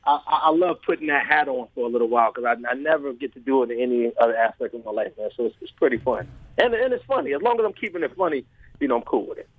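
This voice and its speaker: A fighter guest telling brash, playful trash-talking stories in a casual chat over a phone line. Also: male voice, mid-range voice, lively intonation, fast, dry recording. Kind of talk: animated storytelling, casual chat.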